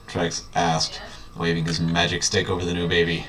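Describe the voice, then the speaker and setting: A low-voiced man reads a children's book aloud and keeps interrupting with dry, mocking asides. He sits back from the mic in a very echoey room, and a faint hiss runs underneath. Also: normal speed, recorded from a distance. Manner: mocking, deadpan commentary. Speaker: reader.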